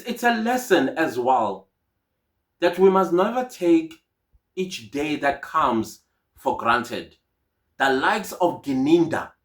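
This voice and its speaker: A South African man giving casual, indignant commentary on a court case, mixing in Zulu phrases. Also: on the high side. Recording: echoey room.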